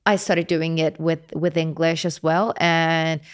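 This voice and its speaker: Italian-accented woman with a smooth voice. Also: low-pitched, measured pace. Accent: Italian, Roman. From Rome, Italy. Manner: expressive, lively storyteller with frequent hesitations. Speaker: polyglot content creator guest. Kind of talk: casual interview chat.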